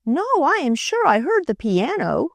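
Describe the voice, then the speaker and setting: A woman's voice: sits high, very animated, normal speed, gravelly, dry recording, voice pushed up, exaggerated voice. A woman doing an insistent little girl.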